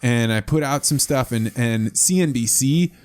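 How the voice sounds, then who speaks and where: A man's voice: medium pitch, moderate pace, a little mellow. A man hosting a podcast interview, talking in eager bursts with frequent restarts. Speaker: podcast host. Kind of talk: casual interview chat.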